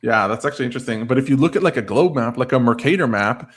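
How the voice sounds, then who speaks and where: A man chatting loosely on a livestream in an everyday mid-pitched voice. His talk wanders and is padded with "like" and "I don't know". Now and then he answers comments from his viewers. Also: animated, fast. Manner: rambling, full of "like" and "I don't know". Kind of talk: casual livestream chat.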